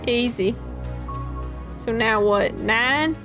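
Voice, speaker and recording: Woman game streamer, higher voice, unhurried, chatty running commentary with free swearing, game music underneath. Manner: chatty, thinks aloud, swears freely. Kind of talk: live gameplay commentary.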